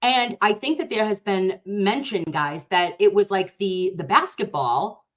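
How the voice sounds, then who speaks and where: An excitable woman with a thick Boston accent, reacting in a loose, chatty way. She swears and fires off rhetorical questions. Her pitch sits in the middle of the usual range. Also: measured pace. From Boston, Dorchester. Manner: animated, excitable, swears, calls viewers babe and loves. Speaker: host reacting to a juror interview. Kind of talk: casual reaction chat.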